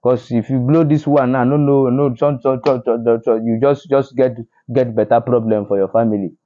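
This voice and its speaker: Nigerian Pidgin-accented man, indignant news commentator, dark tone, stumbling repeats, lo-fi audio. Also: medium pitch, steady tone, normal speed. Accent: Nigerian Pidgin English. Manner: indignant, repetitive, stumbling restarts. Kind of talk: social media news commentary.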